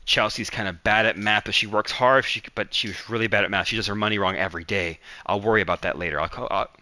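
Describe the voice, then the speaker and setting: A man's voice: lowish voice, pushed and bright, no room sound, rough recording. A young man hosting a livestream, telling long, gossipy stories about his coworkers and acting out what they said. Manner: rambling, gossipy, quick to act out coworkers. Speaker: livestream host. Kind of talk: casual storytelling chat.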